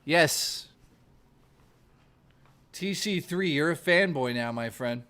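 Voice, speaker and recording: A male streamer with a fairly high, expressive voice talks slowly in a pushed, bright tone. He chats casually with his viewers, reading out their messages and joking with heavy profanity.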